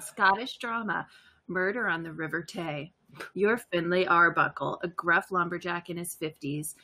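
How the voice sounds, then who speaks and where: A woman's voice: lowish voice, measured pace, pushed and bright. A woman leading comedy improv scenes, giggly and teasing. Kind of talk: laughing comedy banter.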